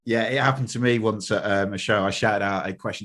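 A man hosting a podcast interview, a magician who adds his own stories and keeps agreeing briskly. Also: on the low side, steady tone, a bit bright.

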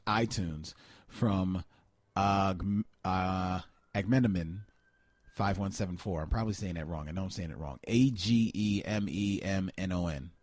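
A man's voice: sits low, a little slow, darkish tone, no echo. A man co-hosting a podcast in casual chat, reading out listener comments with lots of fillers. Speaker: podcast co-host.

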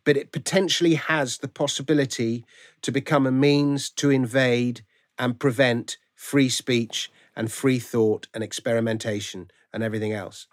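A man's voice: mid-range voice, fairly even intonation, moderate pace. A man, a guest author, talking animatedly in a remote interview and often restarting his phrases. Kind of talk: conversational interview. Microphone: video call.

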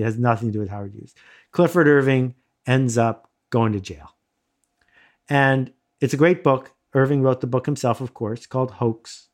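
A middle-aged man from the United States telling a self-deprecating personal story in a casual, animated way, laughing often. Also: fairly high pitch. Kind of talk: casual anecdote, conversational storytelling.

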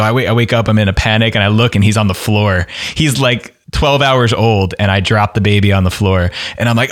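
A man's voice: lowish voice, a little fast. A male podcast host candidly sharing a personal story in a casual conversation.

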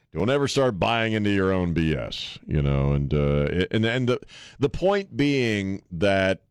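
Deep-voiced radio guy riffing and joking, blunt, lots of uhs, dry studio mic. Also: sing-song, slow, clean tone, no echo. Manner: blunt, joking, rambling with fillers. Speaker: radio talk show host. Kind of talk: casual talk radio banter. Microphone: studio microphone.

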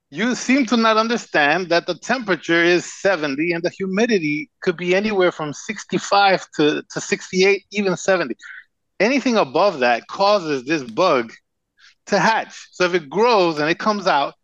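Male doctor guest, blunt storyteller, slightly high pitch, dry close mic, a bit dull. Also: lively intonation, moderate pace, a bit bright, dry recording. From Dominican Republic. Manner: blunt, profane, storytelling with emphatic asides. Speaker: cigar company CEO and physician guest. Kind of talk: casual podcast interview.

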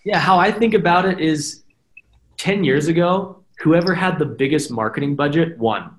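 This is a casual podcast conversation where a male guest talks at a moderate pace in a fairly high register. Animated and long-winded, he peppers his explanations with frequent "right?" asides, and the room gives the audio a noticeable echo.

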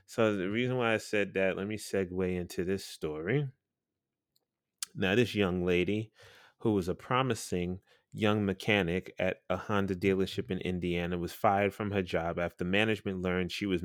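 A man's voice: deep voice, no room sound, studio quality. A man hosting a podcast, telling a story in a blunt, profane, chatty way and laughing now and then. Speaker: podcast host and radio personality.

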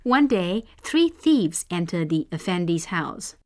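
A woman hosting and narrating folk tales in a measured, expressive scripted reading. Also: fairly low pitch, loud music behind the voice. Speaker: storyteller host.

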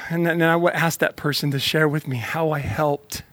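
A man speaks in an emphatic motivational monologue, repeating lines and pushing the listener to act. His voice sits a bit high. The sound is close and dry. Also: fairly even intonation, a little slow, a bit bright, no room sound. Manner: emphatic, repetitive, fired-up; talks directly to the listener.

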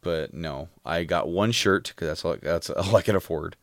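A man's voice: sits low, moderate pace, dry recording. A man in casual chat, recounting concert memories in a rambling way with many fillers.

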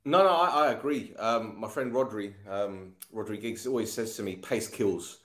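A man's voice: lowish voice, moderate pace. Joking, casual male stream host. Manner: jokey, swears freely, laughs often. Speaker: host of a fan livestream. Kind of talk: casual football chat.

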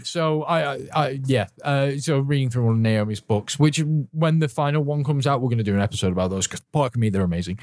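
A man's voice: medium pitch, a little fast, hardly any pauses, a little mellow, dry recording, clean studio sound. A man co-hosting a podcast in casual chat, rambling and self-deprecating, with frequent swearing. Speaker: podcast co-host.

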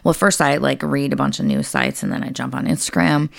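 A low-pitched woman with a gravelly edge chats as a podcast co-host, swearing bluntly and telling stories with animated energy. Her voice is recorded close and dry, with no room sound. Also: fairly quick, no echo. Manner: blunt, profane, animated storytelling. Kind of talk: casual chat.

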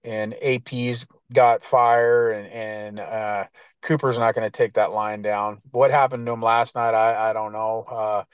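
A man's voice: on the low side, level tone, a little slow, clean tone, no room sound. A middle-aged man chatting casually as a guest, laid-back and slangy, full of fillers and restarts. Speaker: guest editor. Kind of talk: casual podcast chat.

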